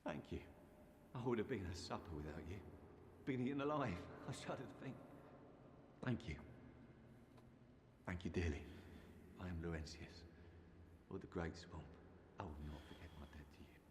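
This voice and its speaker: An actor playing a humble, grateful male pyromancer in a video game, speaking softly and courteously. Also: low voice, animated, normal speed, pauses often. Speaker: game character. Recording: echoey game audio over noise.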